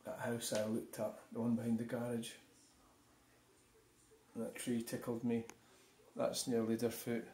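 A man's voice: mid-range voice, completely flat delivery, a little slow, long pauses, mellow, a little hiss or hum. An older man with a Scottish accent giving a casual, rambling channel update, muttering and swearing bluntly.

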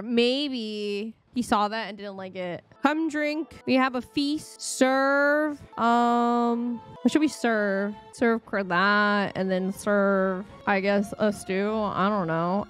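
A woman hosting a gaming video, chatting casually and reacting out loud to what happens on screen. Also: mid-range voice. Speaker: gaming channel host. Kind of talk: casual let's-play commentary. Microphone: desk microphone.

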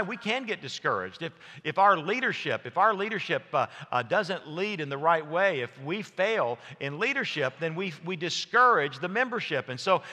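A man's voice: high-pitched, sharp tone, long reverb tail. A man preaching a sermon in a church, folksy and anecdotal, with frequent fillers and restarts. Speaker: pastor. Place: church sanctuary.

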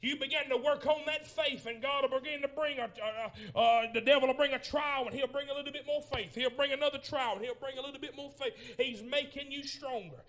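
A man preaching a Pentecostal sermon in a church, swinging from shouted lines to low murmurs as he tells the story. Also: brisk, few pauses. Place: church sanctuary.

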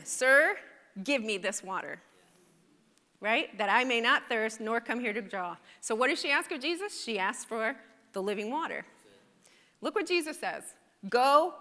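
Bright, high-voiced woman preaching. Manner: animated, conversational, asks the congregation "right?". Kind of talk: sermon. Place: church sanctuary. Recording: church hall reverb. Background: congregation responding.

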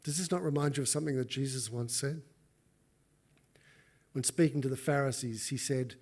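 A man with an Australian accent preaching a sermon in an animated, conversational way. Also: medium pitch, normal speed, pauses often, slightly rough. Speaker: pastor.

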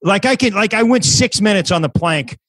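A man's voice: high-pitched, expressive, brisk, fairly bright tone, breathy edge, no room sound, rough recording. A man in his fifties, a comedian guest on a podcast, telling a story in casual chat with many restarts and false starts. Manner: rambling with many restarts and acted quotes.

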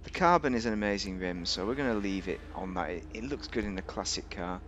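A man's voice: fairly low pitch, lively intonation, quick pace, fairly bright tone, a little hiss or hum. Chatty man reviewing a game. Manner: rambling, chatty, jokey asides. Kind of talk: casual gameplay commentary.

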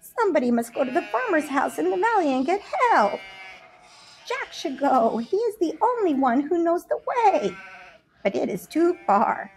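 A woman's voice: high voice, sing-song, normal speed, slight background noise, voice pushed up, poor audio. A woman voicing a flock of older sheep in a storybook, fretful and disapproving, tutting at a young lamb.

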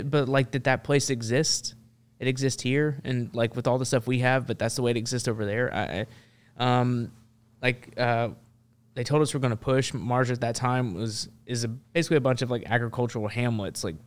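A man's voice: medium pitch, fairly even intonation, normal speed, clear, resonant tone. A man in his thirties, a guest on a podcast, telling war stories casually with lots of fillers and restarts. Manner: rambling, heavy on fillers like "like" and "uh". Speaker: guest, Marine veteran. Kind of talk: casual storytelling in conversation.

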